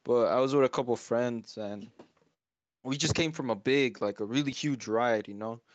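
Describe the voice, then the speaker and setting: Young dude rambling a story, slangy, dry muffled lo-fi recording. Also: male voice, medium pitch, no room sound. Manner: loose, slangy, with halting restarts. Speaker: podcast co-host. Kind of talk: casual storytelling. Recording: dry, dull lo-fi sound.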